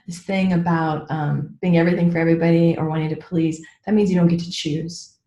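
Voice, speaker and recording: A middle-aged woman mentors a group on a training call, speaking frankly and casually with mild swearing, lots of "like"s, and "right?" check-ins. Her voice is lowish and steady, a little fast, with a dark tone, and the recording has a roomy echo.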